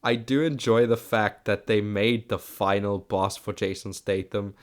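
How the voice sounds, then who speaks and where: A man's voice: on the low side, fairly even intonation, measured pace. A South African man hosting his own podcast, giving a rambling, chatty solo movie review and often restarting his sentences. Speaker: podcast host.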